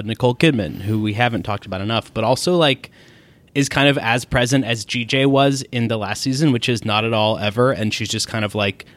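A man's voice: lowish voice, a bit bright, no room sound. A man co-hosting a podcast, chatting casually with wry asides. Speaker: podcast co-host. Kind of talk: casual critical chat.

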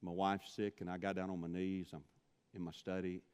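A man's voice: sits low, level tone, moderate pace, darkish tone, smooth, long reverb tail. A man from Mississippi, preaching a sermon, telling stories and building to impassioned pleas. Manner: storytelling, rising to impassioned pleading.

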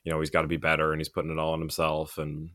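Man, sports podcast host, very deep, dry sound, easygoing. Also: completely flat delivery, rapid-fire, a bit bright, no room sound. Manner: easygoing, leads the recap. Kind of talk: casual sports chat.

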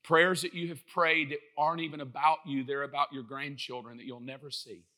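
A middle-aged man preaching an impassioned sermon, often rising to shouts. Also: on the high side.

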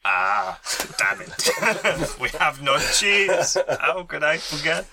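A man's voice: a little high, sing-song, slow, background noise. A man voicing his character in a tabletop game, in a theatrical, mock-formal way. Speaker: player. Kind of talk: in-character roleplay.

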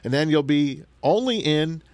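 A man hosting a casual sports talk show, chatting with animated, teasing banter. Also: on the high side, moderate pace, no echo.

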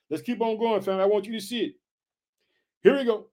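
Excitable high-voiced male preacher. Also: fast, pauses often. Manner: excitable, repeats himself, calls listeners family. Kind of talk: energetic sermon.

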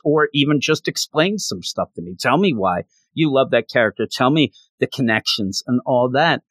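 A male podcast host chatting casually in a mid-pitched voice, joking and poking fun at himself as he rambles. He is close to the mic in a dry, dead room. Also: lively intonation, normal speed, no room sound. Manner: rambling, self-deprecating, jokey. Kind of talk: casual chat.

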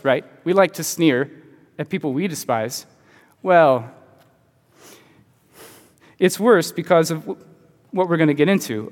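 Man lecturing in a reverberant hall. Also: a little high. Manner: conversational, asks the audience rhetorical questions. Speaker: teacher. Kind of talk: conversational lecture to a group.

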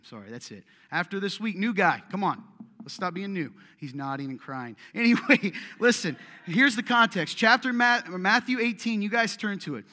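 A man preaches to his congregation in a loose, conversational style and teases the people in the pews. His voice sits high and sounds bright. A long echo from a church hall trails each phrase. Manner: joking, teasing, conversational preaching. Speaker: pastor. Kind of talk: sermon. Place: church sanctuary.

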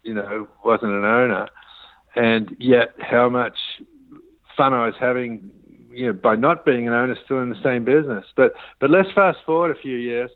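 A man's voice: mid-range voice, normal speed. A man rambles through a business story as an interview guest, acting out the quoted dialogue. He talks in a middle register, and the sound is thin and phone-like with no room echo. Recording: tinny dry phone line.

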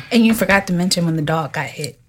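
Brisk woman talk show host. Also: lowish voice, a little hiss or hum. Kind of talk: casual talk show hosting.

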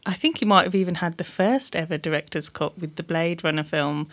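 A woman's voice: lowish voice, a little fast. A woman co-hosting a film podcast in casual chat, playful and teasing, often laughing. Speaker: podcast co-host.

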